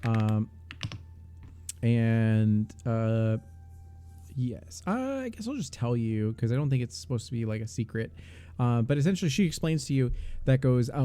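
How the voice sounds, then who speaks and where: A man's voice: medium pitch, animated, normal speed, pauses often, mellow, clear, resonant tone. A man narrating a tabletop game as game master, rambling with many fillers.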